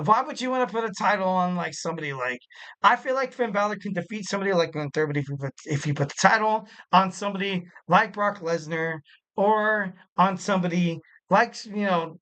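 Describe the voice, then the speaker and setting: Young guy doing a solo wrestling podcast, rambly and excited, laughs a lot. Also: high-pitched, a little fast, rough recording. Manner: rambling and animated, full of "like" and "you know", laughs a lot. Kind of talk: casual solo podcast commentary.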